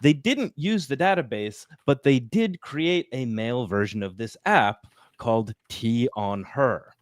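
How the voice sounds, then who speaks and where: A man's voice: mid-range voice, expressive, a little slow, no room sound, clean studio sound. A man co-hosting a podcast, talking casually with fillers and asides. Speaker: podcast co-host.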